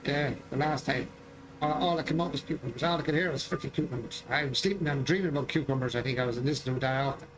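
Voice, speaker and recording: A man's voice: medium pitch, fast, a crowd in the background. An Irish man chatting casually while streaming a farming game, joking and repeating his lines with a chuckle. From Ireland. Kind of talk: casual gameplay chat. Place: home gaming room.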